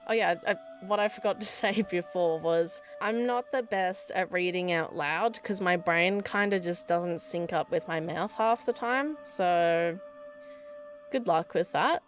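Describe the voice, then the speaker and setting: Faint music plays behind a young woman with a lowish voice who speaks unhurriedly as she hosts a gaming video. She reads the game's text aloud, chats casually, and laughs frequently in a self-deprecating way.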